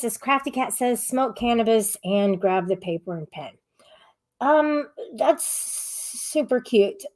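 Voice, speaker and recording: Woman, live-stream host, slightly high voice, rambling, casual, scolding. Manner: chatty, rambling, sharp and scolding at viewers. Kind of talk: casual live-stream chat, reading chat aloud.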